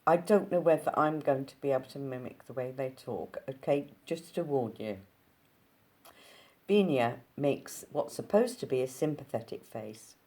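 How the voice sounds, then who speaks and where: A woman reading a novel aloud in an unhurried way, with casual asides to her listeners. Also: extremely low pitch, a little mellow. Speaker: audiobook reader.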